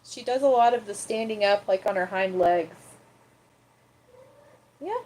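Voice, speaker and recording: Slow-talking woman chatting on a livestream. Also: mid-range voice, a little mellow. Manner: slow, chatty, cooing baby talk to her cat. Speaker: livestream host. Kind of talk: casual livestream chat.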